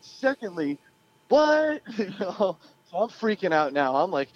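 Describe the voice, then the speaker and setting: A young man with a slightly high voice tells a wild story in loose, profane talk, laughing as he goes. The sound is dull and lo-fi. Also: expressive, moderate pace. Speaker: guest storyteller. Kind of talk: casual anecdote.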